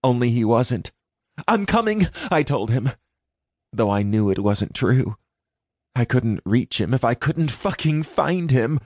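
A man's voice: medium pitch, measured pace, a little mellow, no echo, studio quality. A man narrating a first-person audiobook in a dramatic, intense reading.

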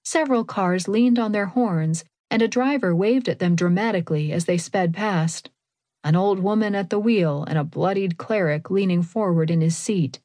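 A woman reading an audiobook in a steady, clear narrating voice, recorded on a close studio mic. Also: fairly low pitch, moderate pace, no echo. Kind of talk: scripted narration.

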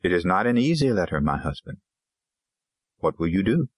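A man voicing a patient, weary Zulu pastor's wife in an audiobook, speaking softly and pleadingly. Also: low-pitched, sing-song, normal speed, no echo. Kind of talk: audiobook character reading.

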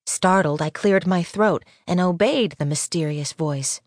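Woman narrator, low register, measured first-person read, dry studio mic. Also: no echo. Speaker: audiobook narrator. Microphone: studio microphone.

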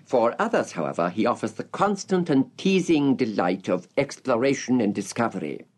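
A man narrating an audiobook's literary introduction in a measured, expressive reading with marked pauses. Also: medium pitch, breathy edge.

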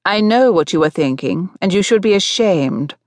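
Woman doing a bossy auntie, firm and brisk, dry close sound. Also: medium pitch, lively intonation, dry recording, close to an everyday voice. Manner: firm and commanding. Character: stern, brisk older aunt.

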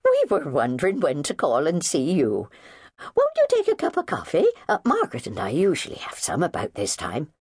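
A woman voicing a kind, composed older spinster who speaks gently and politely in an audiobook. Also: low voice, huge pitch swings, normal speed, slightly rough, no room sound, studio quality, voice pushed up, full character voice. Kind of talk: audiobook character reading.

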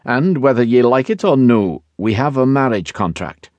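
A man voicing a gruff young Highland warrior with a Scottish accent, blunt, terse and clipped. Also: expressive, normal speed, darkish tone, no echo, muffled recording, close to an everyday voice.

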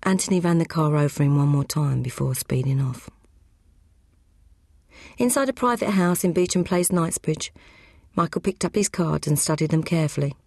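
A woman reading an audiobook crime novel aloud, brisk and matter-of-fact. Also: low voice, expressive, darkish tone, no echo, clean studio sound. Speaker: audiobook narrator. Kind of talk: scripted narration.

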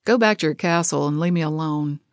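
Woman doing a blunt teasing young guy, drawly, lowish voice, dry sound. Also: brisk, no echo.

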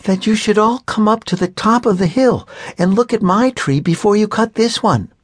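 A man voicing an excited little girl who pleads breathlessly in a high voice for a storybook. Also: moderate pace, no room sound, clean studio sound. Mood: pleading.

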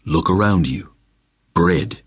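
Man doing a spirit tempter, low and dark, slow coaxing commands, audiobook, dry sound. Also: slightly rough, dry recording, heavily acted.

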